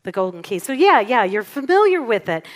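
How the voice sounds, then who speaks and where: A woman's voice: fairly high pitch, very animated, brisk. A middle-aged woman minister giving a conversational, playful sermon in a church and asking the congregation questions. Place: church sanctuary.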